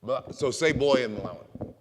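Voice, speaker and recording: A man's voice: medium pitch, lively intonation, normal speed, slight background noise. A man answering audience questions on stage at a convention panel, teasing and laughing often. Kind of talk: lively Q&A with an audience. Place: large convention hall. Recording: echoey convention hall.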